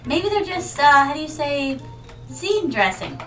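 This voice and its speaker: Playful high-voiced American woman streamer. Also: very animated, a little slow, a bit bright, distant mic, low-quality recording. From United States. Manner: playful, rambling, chatty with viewers. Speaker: VTuber streamer. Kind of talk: casual game stream chat. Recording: mic set back, music behind.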